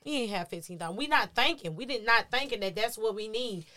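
Bright-voiced woman telling a story. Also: a little high, normal speed. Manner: animated, profane, acts out quotes. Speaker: guest telling her story. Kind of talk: casual storytelling on a live stream.

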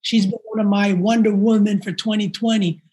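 A man speaking as a podcast guest and community activist, telling a story in an emphatic, energetic way and acting out quotes. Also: high-pitched, normal speed. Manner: emphatic, energetic, quotes others in lively asides. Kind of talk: animated conversational storytelling.

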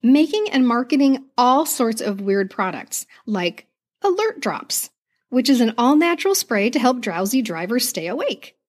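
A woman co-hosting a casual podcast conversation. Her voice sits a little on the high side, and she talks in an animated way with quick, laughing asides. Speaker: podcast co-host. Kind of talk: casual chat.

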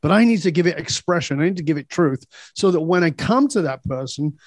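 A man's voice: a little high, lively intonation, a little fast, no room sound, studio quality. A man guest on a podcast, telling personal stories in a blunt, emphatic way and swearing freely. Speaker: podcast guest, leadership speaker. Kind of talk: candid personal storytelling.

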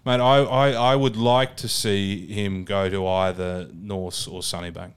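A man's voice: deep voice, fairly even intonation, a little slow, clean tone. An Australian man co-hosting a podcast, chatting about rugby in a blunt, sweary, enthusiastic way. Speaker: podcast co-host. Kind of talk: casual rugby chat.

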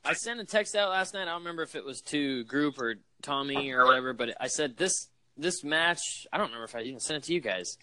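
A man's voice: medium pitch, fast talker, hardly any pauses, bright, forceful tone, slight background noise. A young man co-hosting a casual podcast chat, enthusiastic and peppering his talk with "dude" and "man". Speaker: podcast co-host.

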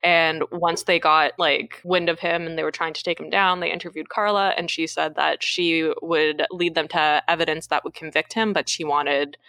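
A woman's voice: sits low, moderate pace, few pauses, no echo. A young woman from Canada co-hosting a casual movie podcast, retelling scenes with lots of laughter. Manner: laughs often, animated retelling. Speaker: podcast co-host.

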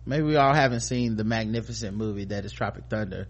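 A man's voice: fairly low pitch, quick pace, dull audio. A man co-hosting a casual podcast, reading news stories aloud and stumbling over words with many fillers. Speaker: podcast co-host.

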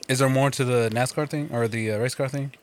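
A young man on a casual podcast, relaxed, answering with short reactions and quick jokes. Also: medium pitch, slight background noise. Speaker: podcast co-host. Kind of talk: casual chat.

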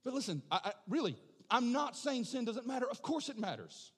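Impassioned high-pitched male preacher. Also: sing-song, fairly quick, breathy edge. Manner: impassioned, builds to shouting then drops to soft prayer. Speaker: pastor. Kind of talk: sermon. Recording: long hall reverb.

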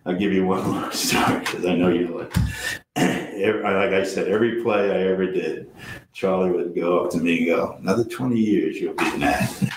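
Older actor guest, low-voiced, animated raconteur, recorded in an echoey room. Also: male voice, moderate pace, background noise. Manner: animated anecdotes, acts out friends' lines, frequent laughs. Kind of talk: storytelling interview.

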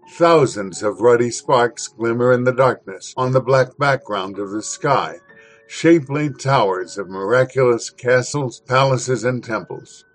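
A man's voice: mid-range voice, low-quality recording. A man hosting a podcast, with dry, sardonic commentary before reading a historical essay aloud. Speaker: podcast host.

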